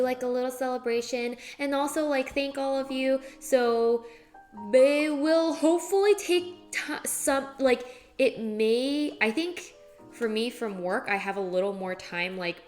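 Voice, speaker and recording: A young woman talks her way through cooking at home for her stream, rambling and chatty with plenty of "like" along the way. Her voice sits a little high, and soft music plays faintly underneath. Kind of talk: casual chat while cooking.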